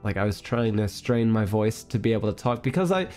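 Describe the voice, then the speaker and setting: Man, young adult, slightly hoarse, chatty and animated storytelling, faint background music. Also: lowish voice, a little fast. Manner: rambling, animated storytelling with laughs. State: hoarse, recovering voice. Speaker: streamer. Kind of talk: casual chat.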